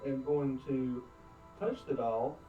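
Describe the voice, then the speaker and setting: A man playing a tabletop game who reads out game rules haltingly in casual talk. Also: mid-range voice, expressive, phone-quality sound, soft background music. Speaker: player. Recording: roomy, from far off.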